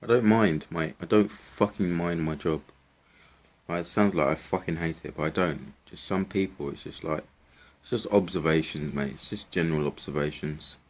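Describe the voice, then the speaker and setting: A man's voice: sits low, moderate pace. A young man, ranting casually to camera in a rambling, sweary, exasperated way. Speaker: vlogger.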